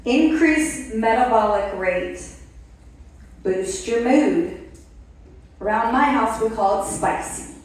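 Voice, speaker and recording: A woman speaking to an event audience, telling her own story with animated play-acting of her past reactions. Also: on the high side, takes it slowly, pauses often. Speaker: speaker at a wellness product event. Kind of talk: motivational testimonial talk to an audience. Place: event hall. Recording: echoey room, voice from far off the mic.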